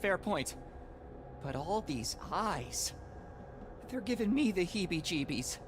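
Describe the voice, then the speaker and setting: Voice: mid-range voice, very animated, slow, background noise. An actor voicing a curious, eager boy adventurer in a game. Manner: eager, chatty.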